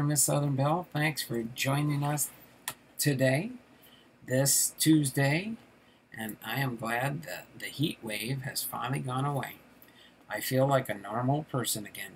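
Middle-aged male host, unhurried chatty delivery, faint background noise. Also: mid-range voice, rough recording. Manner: chatty, laughs at the jokes, loosely voices the strip characters. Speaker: card collector channel host. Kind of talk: casual livestream reading comic strips aloud.

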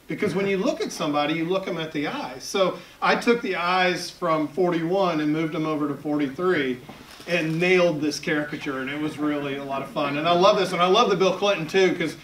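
A man's voice: on the high side, brisk, fairly bright tone, slight background noise. A man in his fifties with a Southern US accent, an editorial cartoonist giving a chatty public talk, full of self-deprecating humor. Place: event hall at a library. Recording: echoey hall, picked up from far off.

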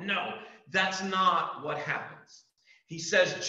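A man's voice: high-pitched, slow pace, sharp tone. A man preaching a youth group sermon as youth pastor, earnest and emphatic, with repeated calls to his listeners. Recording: echoey room, distant mic, dull sound.

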